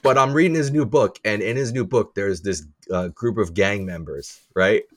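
A man's voice: on the low side, moderate pace, dry recording, studio quality. A married man co-hosting a podcast, chatting casually and joking, with frequent laughter. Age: adult, married. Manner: laughs often, animated and joking. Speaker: podcast co-host. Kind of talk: casual comedic chat.

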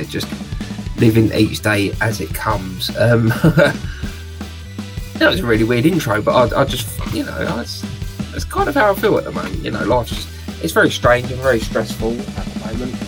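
A man hosting a casual film news podcast, rambling and apologising often. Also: on the low side. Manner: rambling and apologetic, chatty asides.

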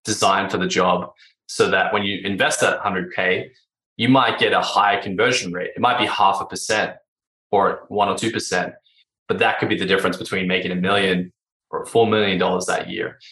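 Podcast guest, male, lowish pitch, bright energetic delivery, rhetorical, echoey room. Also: moderate pace. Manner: energetic, rhetorical, acts out clients' voices. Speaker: branding agency founder, podcast guest. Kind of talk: podcast interview explanation.

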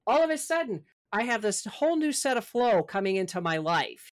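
A woman's voice: fairly high pitch, big pitch swings, a little fast. A middle-aged woman, a podcast guest and author, talking casually and animatedly about spirit and personal growth, acting out her inner voice. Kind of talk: casual spiritual interview talk.

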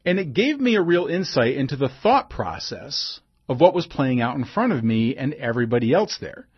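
A man telling a personal anecdote in a relaxed conversational way, with asides and fillers. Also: mid-range voice, normal speed, breathy edge, lo-fi sound. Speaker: storyteller.

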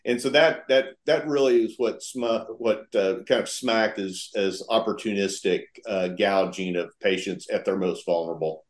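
A man with a fairly low voice talks through a point in an interview, earnest and deliberate, doubling back over his own phrases. The room around him is echoey and roomy. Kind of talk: conversational interview explanation.

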